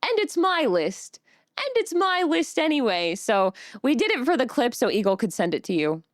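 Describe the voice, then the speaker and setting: A bubbly woman streamer chatting live with her viewers, her high voice bouncing up and down as she greets people by name. The sound is dry and close to the mic. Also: very animated, moderate pace, no room sound. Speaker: vtuber streamer. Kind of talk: casual live-stream chat.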